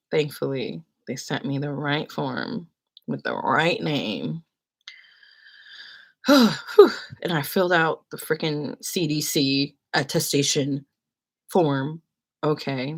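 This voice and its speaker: A young adult woman casually telling an animated, rambling story on her live stream. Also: low voice. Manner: animated, rambling, acts out quotes.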